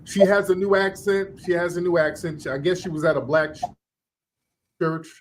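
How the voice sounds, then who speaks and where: A man's voice: high voice, moderate pace, slight background noise. Sarcastic man hosting a commentary show. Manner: sarcastic, mimics a preaching voice. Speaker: show host. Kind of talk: mocking news commentary.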